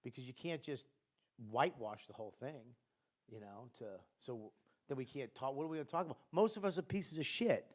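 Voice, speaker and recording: A man's voice: mid-range voice, brisk. A middle-aged man talking as a guest comedian on a live podcast, rambling and profane, with an audience in the room. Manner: rambling, profane, self-deprecating. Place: live comedy festival stage before an audience.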